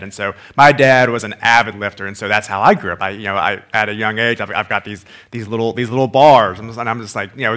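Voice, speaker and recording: A man's voice: medium pitch, fairly bright tone. A man pastor leading a prayer and then telling a personal story in a sermon, talking casually with lots of fillers and repeated words.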